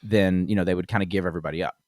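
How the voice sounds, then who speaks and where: A man's voice: deep voice, fairly even intonation, very fast, darkish tone, no room sound, clean studio sound. A man hosting a comedy podcast, talking in a rambling way with many fillers and frequent laughs. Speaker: podcast host. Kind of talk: casual comedy podcast chat.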